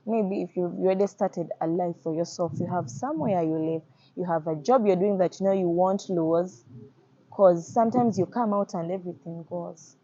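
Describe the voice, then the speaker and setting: Young woman, Ugandan accent, earnest personal testimony, warm mellow tone, slightly muffled recording. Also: fairly low pitch, normal speed, no echo. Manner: earnest, repeats phrases, acts out quoted voices. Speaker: activist.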